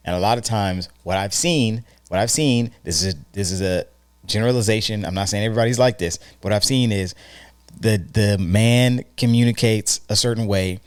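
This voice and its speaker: A married man co-hosting a podcast talks through relationship advice in an animated, earnest way, often restarting his sentences. His voice sits on the low side, and the sound is dry and close. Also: no room sound. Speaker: podcast co-host. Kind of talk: casual chat.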